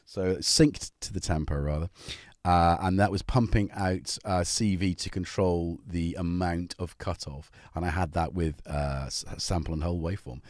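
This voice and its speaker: A man's voice: low voice, fairly even intonation, moderate pace, a little mellow, dry recording. A man hosting a casual livestream from his home music studio, rambling cheerfully and greeting viewers by name. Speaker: livestream host.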